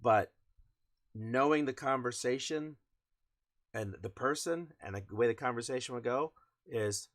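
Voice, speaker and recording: A man's voice: medium pitch, a little slow, pauses often. A man co-hosting a casual podcast, telling stories in a blunt, wry way. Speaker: podcast co-host. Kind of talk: casual chat.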